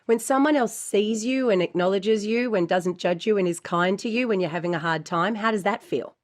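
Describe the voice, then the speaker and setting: A woman's voice: mid-range voice, a little fast. A woman co-hosting a podcast, talking earnestly and frankly and swearing freely in casual chat. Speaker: podcast co-host.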